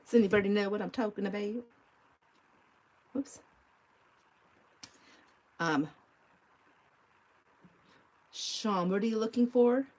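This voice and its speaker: A woman's voice: medium pitch, takes it slowly, long pauses, a little mellow. A middle-aged woman hosting a live art stream, chatting in a rambling way and laughing often as she talks to viewers while she crafts. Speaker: mixed media art livestream host.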